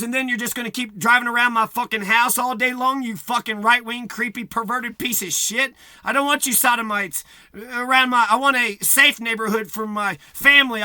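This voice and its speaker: A man's voice: extremely high pitch, bright, forceful tone, no room sound, studio quality. A man delivering a profane, agitated rant to camera, repeating himself and swearing heavily. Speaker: vlogger.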